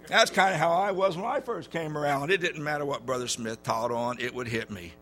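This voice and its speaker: A man preaching a sermon in a church, telling stories in a folksy way with many halting fillers. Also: fairly high pitch, a bit bright, a little hiss or hum.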